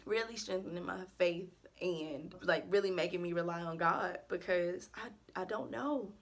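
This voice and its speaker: A young woman in her early twenties talks straight to her viewers in a casual, heartfelt vlog. Her voice is bright and clear, and she speaks earnestly, sometimes close to tears as she shares her faith. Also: lowish voice, normal speed. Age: early 20s. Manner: emotional, earnest, faith-filled and chatty. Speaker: vlogger. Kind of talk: casual heartfelt vent to camera.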